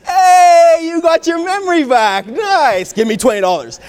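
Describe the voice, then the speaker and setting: A preacher putting on the voice of a shrewd, unflappable male clinic doctor in a joke he tells during a sermon, with a high, clipped delivery. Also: sing-song, normal speed. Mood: smug.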